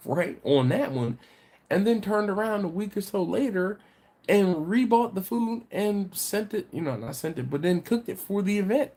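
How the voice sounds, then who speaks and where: A man's voice: fairly high pitch, gravelly, darkish tone, husky. A middle-aged man with a congested voice, hosting a barbecue channel's live stream in a casual, rambling way with many fillers and restarts.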